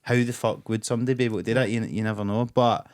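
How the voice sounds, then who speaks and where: A man's voice: on the low side, steady tone, rapid-fire. A Scottish man co-hosting a podcast, chatting casually in a blunt, sweary, ranting way. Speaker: podcast co-host.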